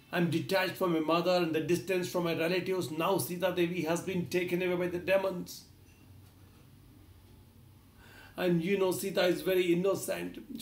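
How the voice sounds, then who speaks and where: Man doing a grieving prince, higher lamenting voice, pleading, echoey room. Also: close to an everyday voice. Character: grief-stricken prince weeping for his lost wife.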